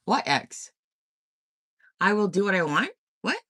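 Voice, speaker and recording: A woman's voice: on the low side, big pitch swings, slow pace, fairly bright tone, husky. A woman from Korea hosting a casual livestream, reading comments and giving blunt, profane opinions. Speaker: livestream host.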